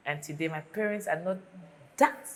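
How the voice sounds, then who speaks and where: A young woman with a Nigerian accent talking earnestly and warmly to her viewers in a casual vlog. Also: sits low, normal speed, a little hiss or hum, poor audio. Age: young adult. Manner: earnest and warm toward viewers, heartfelt. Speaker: vlogger.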